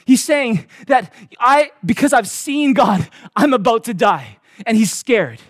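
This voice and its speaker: A male pastor preaching a sermon with emphatic swings from loud to hushed, acting out the voices he quotes. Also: very high voice, animated, unhurried, no room sound, clean studio sound.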